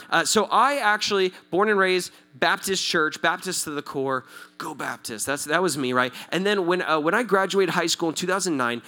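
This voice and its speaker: A male pastor in his thirties from Southern California, telling a story in a sermon, animated and acting out the voices of the people in it. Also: on the high side. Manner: animated, acts out quoted voices, checks in with the audience.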